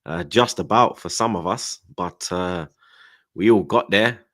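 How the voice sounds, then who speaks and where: A man's voice: low-pitched, unhurried, a bit bright. A man hosting a casual football chat, slangy and teasing. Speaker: host.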